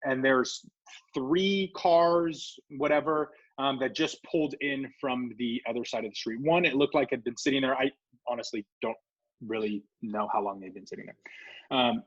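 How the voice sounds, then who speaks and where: A Southern California man co-hosts a podcast, telling a story in casual conversation and acting out the characters' voices with animated energy. His voice is mid-range and fairly quick. The audio has its high frequencies cut off.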